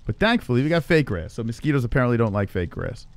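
Very animated and quick-paced, a man with a mid-range voice streams a horror game live from a home room with his gaming computer. His commentary is full of swearing, jumpy scares, and self-mockery about how he's playing.

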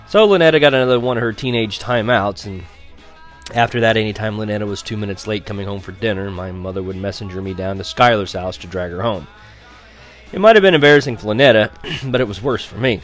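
Wry man narrating an audiobook, soft music under. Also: lowish voice, fast. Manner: wry, chuckling storyteller. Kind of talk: scripted narration.

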